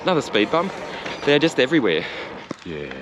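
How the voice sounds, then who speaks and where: A man's voice: medium pitch, big pitch swings, brisk, background noise. A man with an Australian accent talking casually while cycling outdoors before dawn, joking and swearing now and then as he vlogs. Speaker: cycling vlogger. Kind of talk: casual vlog commentary while riding. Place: riding a bike outdoors on roads before dawn.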